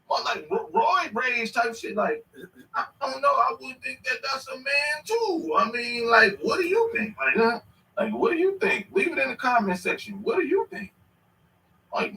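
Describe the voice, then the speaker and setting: A man's voice: extremely high pitch, sing-song, moderate pace, pushed and bright, slight background noise. A man casually reacting to clips on a stream, rambling and slangy with sudden bursts of laughter. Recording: echoey room, mic at a distance.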